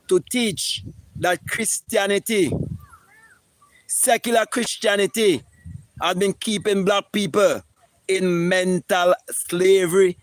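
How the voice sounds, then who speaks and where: A man with a high voice live-streams a spiritual talk, delivering an impassioned, preachy monologue that is emphatic and profane, with frequent repetition of words. The recording is dry.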